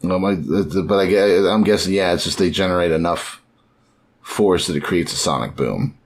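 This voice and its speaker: A man's voice: low voice, moderate pace. A man talking on a podcast as a co-host, easygoing and rambling, now and then acting out quotes. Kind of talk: casual podcast chat.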